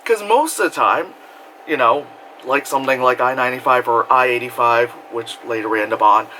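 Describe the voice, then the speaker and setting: A young man telling a story in casual vlog style, rambling with lots of fillers and breaking into loud screams and laughter. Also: medium pitch, fairly quick, slight background noise, low-quality recording. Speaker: vlogger.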